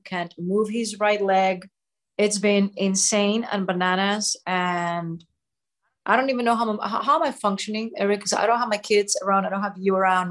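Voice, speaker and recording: Halting, emotional woman in her forties. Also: mid-range voice. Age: 40s. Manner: halting, many restarts and repeated words. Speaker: show co-host. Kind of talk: emotional personal storytelling.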